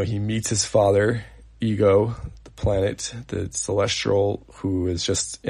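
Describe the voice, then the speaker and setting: A man in his thirties hosting a podcast, telling a personal story in an earnest, halting way with many fillers and restarts. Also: lowish voice, gravelly, a little mellow. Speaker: podcast host.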